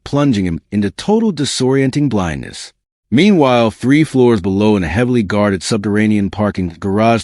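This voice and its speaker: A man's voice: lowish voice, a little mellow, dry recording, studio quality. A man reading a dramatic story as scripted narration with an intense delivery.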